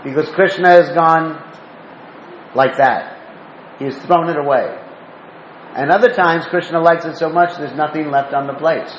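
A man's voice: a little high, steady tone, unhurried, pauses often, slight background noise. A man giving a devotional talk, telling stories and asking listeners questions. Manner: asks the listeners questions, storytelling. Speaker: spiritual teacher. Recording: roomy dull lo-fi recording with faint ambience.

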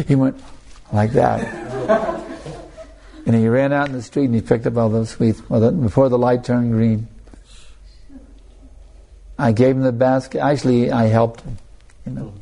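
A man's voice: mid-range voice, vocal fry, dark tone. A male spiritual teacher giving a sermon and telling a story, talking conversationally with frequent restarts and asides to his listeners. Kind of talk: anecdotal sermon.

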